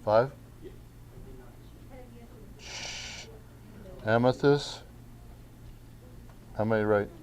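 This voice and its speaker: Slow-talking male teacher. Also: mid-range voice, darkish tone. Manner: slow, casual, keeps saying okay. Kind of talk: classroom instruction.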